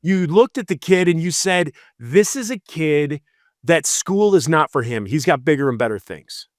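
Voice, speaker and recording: A man's voice: on the high side, lively intonation, moderate pace, no room sound, clean studio sound. A man, a police officer, casually telling a rambling story on a podcast and acting out the people in it. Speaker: podcast co-host.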